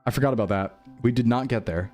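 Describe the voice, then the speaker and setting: A man's voice: medium pitch, fast talker, darkish tone, faint music behind. A young man rambling through casual gameplay commentary, jokey and self-mocking. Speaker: streamer.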